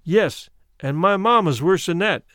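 A man's voice: sits high, expressive, unhurried, fairly bright tone, no room sound, clean studio sound. A man voicing a frightened little boy who sobs out his pleas in a storybook reading. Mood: pleading. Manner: sobbing, pleading.

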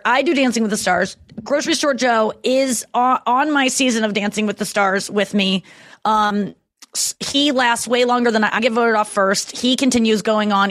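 A woman in her thirties chatting casually as a podcast guest, telling stories in an animated way with quick asides. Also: medium pitch. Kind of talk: casual chat.

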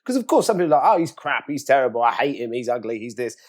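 A middle-aged man with an English accent, an actor telling anecdotes in a casual interview, acting out quoted voices with big jumps in pitch. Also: sing-song, racing.

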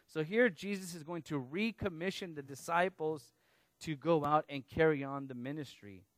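A man's voice: on the high side, normal speed, no echo. Conversational man preaching a sermon. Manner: conversational, animated Bible teaching with asides. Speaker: pastor.

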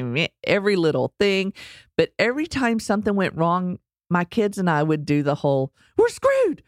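A middle-aged woman telling a personal story in a casual, animated way, acting out quotes and laughing along. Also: lowish voice, no echo, clean studio sound.

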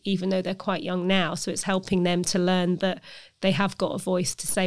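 A woman's voice: lowish voice, completely flat delivery, a little fast. A woman hosting an interview, talking in a reflective, personal way. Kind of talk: conversational interview.

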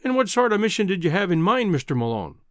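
A man's voice: sits high, big pitch swings, fast, no room sound, clean studio sound, pitched above the performer's own voice. A man voicing a kindly, fussy old Scottish newspaper editor in an audiobook.

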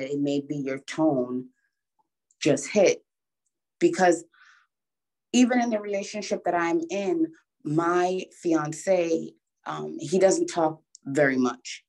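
Woman, lowish voice, casual chat, emphatic, repeats words for stress. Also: darkish tone, low-quality recording.

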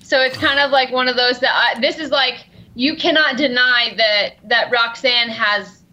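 A woman's voice: on the high side, steady tone, moderate pace, sharp tone. A woman guest answering interview questions in an easygoing way, with many fillers, over a remote call. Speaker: guest fighter. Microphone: remote call line. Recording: dull call-line audio.

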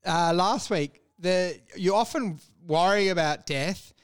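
A man's voice: sits high, slow pace, smooth, no echo. A man in casual chat, ranting with lots of swearing and acted-out voices. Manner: profane, ranting, acts out voices.

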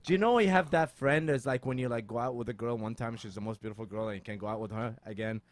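Middle Eastern-accented host, rambling chat. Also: male voice, mid-range voice, fast talker. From Middle East. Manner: rambling, playful, many fillers. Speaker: podcast host. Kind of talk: casual comedic chat.

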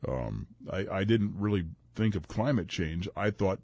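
Male radio sidekick, low and husky, dry wry humor, lively pitch. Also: a little slow, no room sound. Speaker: radio co-host. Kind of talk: casual radio banter.

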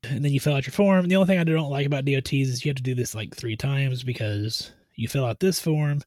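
A man who gives medical exams, explaining his routine step by step in a steady, methodical way on a podcast. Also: mid-range voice, quick pace, no echo. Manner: steady, methodical, tries to stay on task. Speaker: medical provider doing truck-driver physicals.

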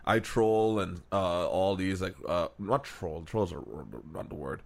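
A man co-hosting a casual podcast, animated and laughing, acting out quotes in different voices. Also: low-pitched, unhurried. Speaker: podcast co-host.

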